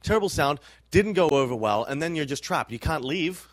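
A man co-hosting a casual podcast chat, bantering quickly with restarts and laughs. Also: a little high, lively intonation, no echo.

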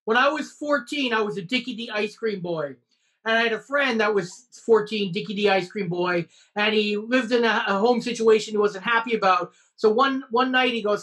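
A woman co-hosting a podcast, telling an animated story in casual chat with lots of swearing. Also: medium pitch, normal speed.

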